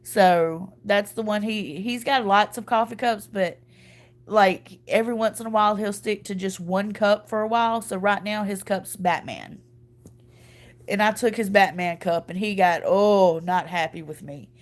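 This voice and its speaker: A woman's voice: medium pitch, measured pace. A woman hosting a casual livestream chat, tired from crying and little sleep, laughing and stumbling over words. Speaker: livestream host.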